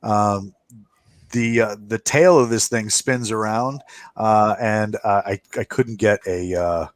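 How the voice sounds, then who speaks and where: A man narrating a tabletop game as game master, halting with many fillers and restarts while he describes the scene. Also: fairly low pitch, no room sound.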